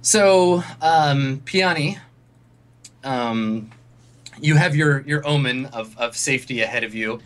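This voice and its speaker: A man acting as game master, narrating a tabletop scene. He rambles casually, piling on fillers and restarts. His voice sits at an everyday middle pitch. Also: slow, a bit bright.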